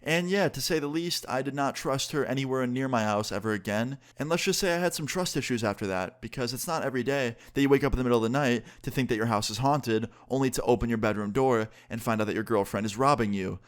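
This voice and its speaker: A man's voice: medium pitch, quick pace, few pauses. A young man casually telling a story to his viewers, full of "like" and quoted back-and-forth. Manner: casual, filler-heavy retelling with lots of "like". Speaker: YouTuber telling a story time.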